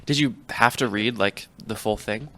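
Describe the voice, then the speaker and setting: A teenage boy hosting a school podcast in an upbeat, chatty way, sometimes speeding up and sometimes slowing down. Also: on the low side, bright, forceful tone, slight background noise. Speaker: podcast host. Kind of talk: casual podcast chat.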